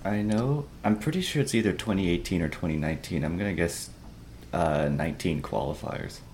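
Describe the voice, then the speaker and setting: A man's voice: low voice, brisk, darkish tone, a little hiss or hum. A man on a casual podcast, wry and teasing.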